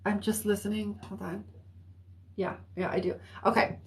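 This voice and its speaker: A woman giving a psychic reading on a live stream, thinking aloud with many restarts and often clearing her throat. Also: medium pitch, little pitch movement, moderate pace. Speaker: psychic reader. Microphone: phone or computer mic on a live stream.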